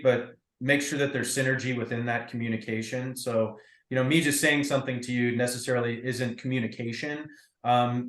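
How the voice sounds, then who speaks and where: A man leading a group discussion on a video call, his voice bouncing around an echoey room. He talks in a reflective, casual way, stumbling over fillers as he thinks aloud. His pitch sits in an ordinary middle range. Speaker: breakout group facilitator. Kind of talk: casual meeting talk.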